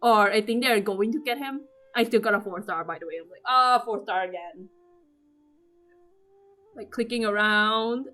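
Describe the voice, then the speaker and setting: A woman recapping her game pulls in casual commentary, excitable and swearing, acting out her own squeals. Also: mid-range voice, fairly quick, few pauses. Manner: trails off with fillers and restarts. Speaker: gaming vlogger. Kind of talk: casual gaming commentary over gameplay.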